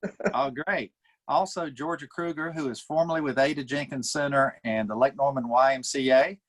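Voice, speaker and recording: A man's voice: mid-range voice, moderate pace. A man, a mayor introducing panelists on a video call, with frequent fillers. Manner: warm introductions with many fillers. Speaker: town mayor hosting a panel.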